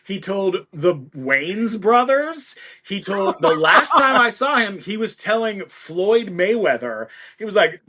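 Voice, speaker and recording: A middle-aged man with a high, pushed, bright voice tells a story as a podcast guest in casual interview style, playfully acting out the voices of the people in it. There's slight background noise.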